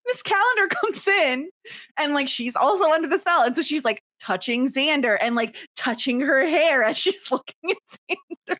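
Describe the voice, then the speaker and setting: A woman's voice: sits high, moderate pace. A woman co-hosting a podcast, recapping scenes in casual chat with frequent laughter. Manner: animated, laughs often while recapping. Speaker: podcast co-host.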